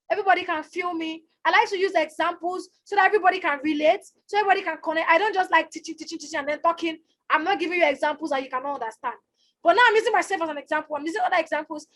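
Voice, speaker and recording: A woman coaching on a live stream, energetic and loud, who likes to shout and repeats herself for emphasis. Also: very high voice. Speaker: online business coach. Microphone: phone or webcam on a live stream.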